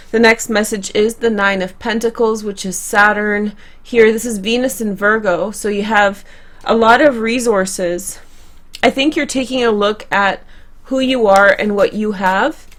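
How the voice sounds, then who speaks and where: Young woman, tarot reader, chatty, conversational, self-correcting, mid-pitched voice. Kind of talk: tarot card reading to camera.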